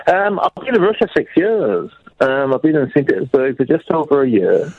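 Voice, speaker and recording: A man's voice: fairly high pitch, sing-song, normal speed, slightly rough, dry recording. Male radio caller, friendly and self-deprecating, slightly dull phone line, dry sound. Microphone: telephone.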